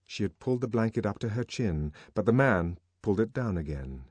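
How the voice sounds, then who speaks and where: A man narrating an audiobook in a measured, expressive storytelling manner, recorded on a close studio mic. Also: lowish voice, breathy edge, no room sound.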